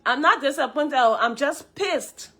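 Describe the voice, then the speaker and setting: Hosting a live stream, a Liberian woman speaks in Liberian English with a high, bright voice made hoarse by a cold. Unhurried and lively in intonation, she addresses her viewers directly, greets them by name, and repeats her points again and again to drive them home.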